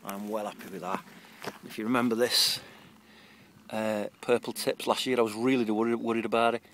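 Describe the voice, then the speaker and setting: A man's voice: lowish voice, steady tone, a little fast, fairly bright tone. A man giving a chatty, rambling, self-mocking tour of his allotment, recorded outdoors on a camera mic. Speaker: allotment vlogger. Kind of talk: casual garden tour.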